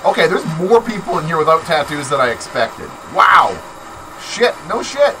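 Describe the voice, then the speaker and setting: A man's voice: on the high side, sing-song, moderate pace, noisy background. A man, hosting a livestream in a casual chat, swearing often and laughing through his stories. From Canada. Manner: profane, laughing storyteller. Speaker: livestream host.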